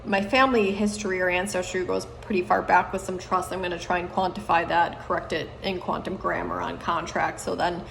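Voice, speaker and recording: A woman in her thirties delivering an angry, profane monologue to camera, swinging between loud outbursts and low muttering. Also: level tone, fairly quick, vocal fry, few pauses, slight background noise. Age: 30s.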